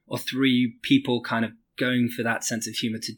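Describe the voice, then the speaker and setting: A man's voice: medium pitch, flat delivery, normal speed, fairly bright tone. Game dev guy on a podcast, mid voice, super loose and rambly, lots of like and kinda. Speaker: game developer guest. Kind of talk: casual interview.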